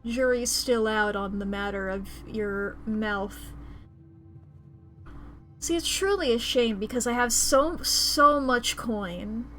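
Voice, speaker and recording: A playful woman streamer with a slightly high voice chats through her game and swears casually along the way. Her talk is loose and chatty, and soft music sits quietly behind her. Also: takes it slowly. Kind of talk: casual gameplay commentary.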